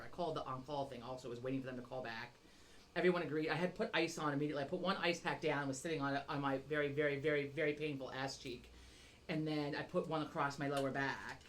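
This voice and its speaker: A woman's voice: low voice, steady tone, fast talker, slight background noise. A middle-aged woman on a podcast, telling a rambling, self-mocking story with constant swearing. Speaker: podcast co-host. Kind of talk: casual chat.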